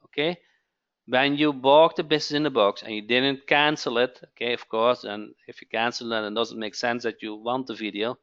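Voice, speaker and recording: A man hosting a live webinar sales pitch, who keeps asking "okay?" and repeats his phrases. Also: steady tone, moderate pace, fairly bright tone, lo-fi sound. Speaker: webinar host.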